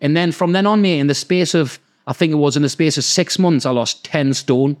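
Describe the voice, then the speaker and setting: Fast-talking Geordie man telling stories. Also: on the high side. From North East England. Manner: fast, sweary, laughing, acts out quoted voices. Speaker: podcast guest. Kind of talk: casual storytelling.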